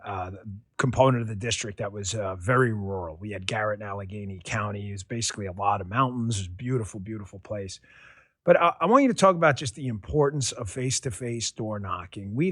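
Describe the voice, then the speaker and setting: A man hosting a conversational podcast and talking at a middling pitch. He rambles easily through his stories with fillers and restarts. His voice sounds close and dry. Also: a bit bright, no room sound. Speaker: podcast host. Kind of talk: conversational interview storytelling.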